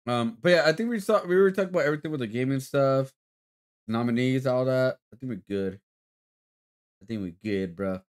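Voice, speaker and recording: Dude streamer reacting to clips, swears a lot, laughs, middle pitch, super casual. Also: male voice, brisk. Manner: loose, profane, laughing reactions.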